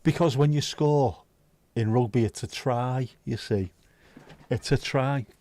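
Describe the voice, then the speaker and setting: A man in the middle of his range hosts a relaxed livestream, bantering and teasing the people watching. His voice sits close and dry, with no room sound around it. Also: mid-range voice, measured pace, no echo. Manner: joking, teasing, chatty banter. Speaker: livestream host. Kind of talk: casual chat with viewers.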